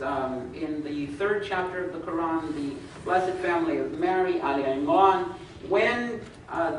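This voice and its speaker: Guy giving a religious talk, measured and point by point, way off mic in a big echoey hall w faint hiss. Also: high voice, recorded from a distance. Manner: measured, enumerating points, reciting Arabic scripture. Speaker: religious lecturer. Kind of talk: religious lecture.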